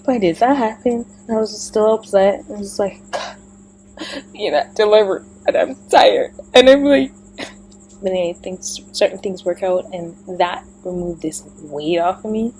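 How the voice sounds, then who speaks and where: A woman rambles through a confessional vlog, thinking aloud as she goes. Her voice sits at a middle pitch and often drops to a soft murmur. A faint hiss of background noise runs beneath her. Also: normal speed, low-quality recording. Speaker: vlogger.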